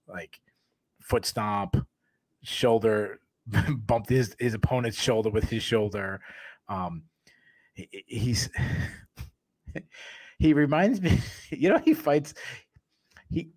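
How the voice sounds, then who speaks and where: A man's voice: on the low side, dry recording. A man co-hosting a podcast, telling rambling stories in casual chat and laughing often between sentences. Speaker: podcast co-host.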